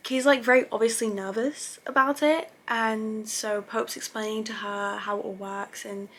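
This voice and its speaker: A woman's voice: fairly high pitch, fairly even intonation, moderate pace. Chatty young woman gushing over a show. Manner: chatty, gushing, many fillers and self-corrections. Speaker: TV review vlogger. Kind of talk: casual episode recap.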